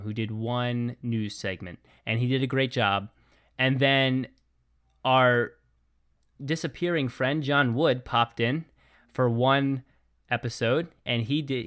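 Male podcast co-host, mid-range voice, easygoing and rambly, quick to laugh. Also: medium pitch, a bit bright, clean tone. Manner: laid-back, rambling, laughs often. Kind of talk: casual podcast chat.

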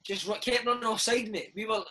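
A Scottish man in his thirties, a former footballer, telling lively anecdotes in a casual interview, calling the listener "mate" and "man". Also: high voice, a little fast, rough recording.

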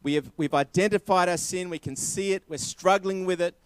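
A man delivering a sermon in a fairly high voice, driving each point home by repeating it. The sound is dry and close, with no room echo. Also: a little fast, clean tone. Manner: emphatic, repeating key phrases. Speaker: preacher.

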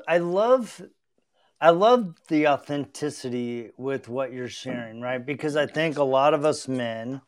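A man's voice: mid-range voice, smooth. A middle-aged man hosting a podcast, telling a personal story in an earnest, reflective way with frequent restarts. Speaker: podcast host. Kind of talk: heartfelt conversational storytelling.

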